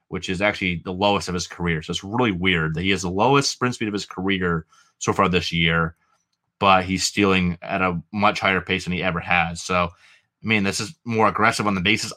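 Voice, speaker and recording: A lower-pitched man with a bright, forceful tone and a New England accent talks through baseball numbers in loose podcast chat. He strings stats together with fillers and restarts. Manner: animated, stat-heavy, rambling with fillers. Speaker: fantasy baseball podcast co-host.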